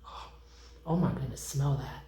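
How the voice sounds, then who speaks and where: A young woman chatting casually to viewers while cooking and tasting food in her home kitchen, excitable and informal. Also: a bass voice, moderate pace, roomy sound, rough recording.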